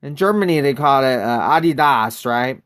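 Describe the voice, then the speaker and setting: An American man hosting a casual live game stream, talking loosely to his viewers and drifting from one aside to the next. His voice is smooth and clear and sits at an ordinary middle pitch. He sounds close to a desk mic. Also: normal speed. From United States. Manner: chatty, greets viewers by name, loose rambling asides.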